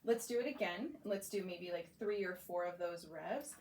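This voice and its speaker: A young woman with a slightly low voice coaches a client through voice exercises in a clinic room. She explains each step patiently and encourages warmly, over a faint hiss of background noise. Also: normal speed, echoey room, low-quality recording. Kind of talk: guiding a voice therapy session.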